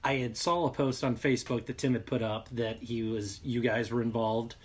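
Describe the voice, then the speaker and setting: A man in casual conversation, telling a story with lively excitement and frequent laughs. He sounds like an everyday podcast guest talking into a home mic. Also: mid-range voice, moderate pace, breathy edge. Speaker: podcast cast member. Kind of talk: casual chat.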